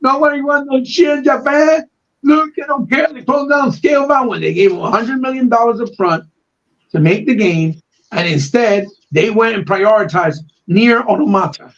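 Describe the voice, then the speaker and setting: A man with a very high voice rants on a podcast, swearing freely and getting fired up as he goes. The sound is dull and lo-fi, as if the treble has been cut away. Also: moderate pace. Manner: profane, fired-up, ranting. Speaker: podcast co-host. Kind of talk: heated casual podcast rant.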